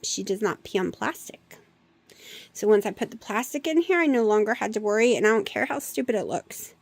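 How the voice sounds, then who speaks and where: A woman's voice: mid-range voice, expressive, brisk, vocal fry, no room sound. A woman chatting casually to her camera at home, talking to her cats and cooing at them in baby talk. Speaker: vlogger. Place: home room.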